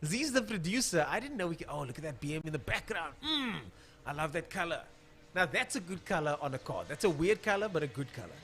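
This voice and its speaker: A man calls a drag racing event live on a stream, talking loosely and thinking out loud. He fills the pauses with easy chatter while he searches for drivers' names, and his voice sits a little higher than most men's. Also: animated.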